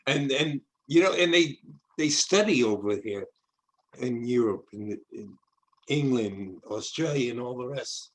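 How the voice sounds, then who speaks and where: A man's voice: medium pitch, lively intonation, unhurried, poor audio. An older man from the South Bronx, hosting a video-call interview in a rambling way, often restarting his sentences. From South Bronx, New York. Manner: rambling, repeats words and restarts. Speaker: host. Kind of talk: casual interview chat.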